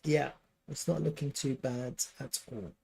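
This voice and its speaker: Brief: man, mid-pitched, casual live analyst, thinks aloud with fillers and restarts. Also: measured pace, vocal fry, warm tone, slightly rough. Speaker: crypto chart analyst.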